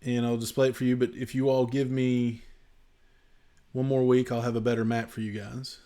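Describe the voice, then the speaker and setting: A man narrating a tabletop game as game master, describing the scene with frequent pauses and ums. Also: mid-range voice, little pitch movement, dark tone. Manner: descriptive, hesitant with many ums.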